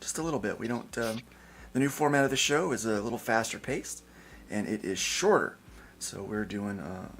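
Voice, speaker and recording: A man's voice: fairly low pitch, animated, normal speed, fairly bright tone. A man hosting a casual panel podcast, joking and rambling with fillers. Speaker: podcast host.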